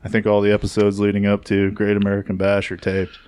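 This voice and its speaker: A man's voice: on the low side, completely flat delivery, fast talker, darkish tone, smooth. A man in casual chat about wrestling, laid back and full of fillers as he recaps the week's news.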